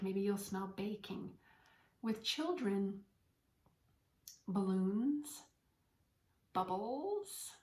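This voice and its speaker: A woman hosting a podcast as a spiritual medium, speaking in an earnest, heartfelt and gently encouraging way. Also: mid-range voice. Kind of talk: inspirational spiritual talk. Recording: echoey room.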